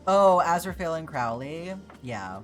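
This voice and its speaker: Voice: mid-range voice, very animated, slow. A livestreamer chatting casually with viewers while crocheting, answering questions and playfully mock-offended. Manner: chatty, playfully indignant teasing of chat. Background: background music.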